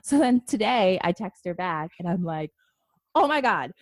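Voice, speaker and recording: Lively, excitable woman podcast host. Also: lowish voice, normal speed, no room sound, studio quality. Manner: excitable, laughs often, swears freely. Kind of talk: casual chat.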